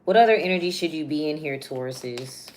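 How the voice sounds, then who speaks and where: A young woman doing a casual, chatty live tarot reading, slangy and quick to laugh. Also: sits low, expressive, a little hiss or hum. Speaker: tarot reader.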